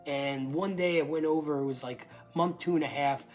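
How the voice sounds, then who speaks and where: A young man giving a casual spoken testimony, rambling with lots of "like" and restarts, and bursting into excitement as he relives moments. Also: a little high, moderate pace, faint music behind. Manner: rambling storytelling full of "like" and restarts.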